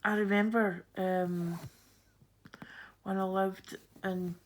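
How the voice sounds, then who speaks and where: A woman's voice: medium pitch, level tone, slow pace. A woman from Scotland with a Fife accent, chatting as she stitches, telling rambling stories with frequent laughs and restarts. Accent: Fife Scottish. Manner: rambling, laughs often, many fillers and restarts. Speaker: cross-stitch vlogger. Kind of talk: chatty storytelling while stitching.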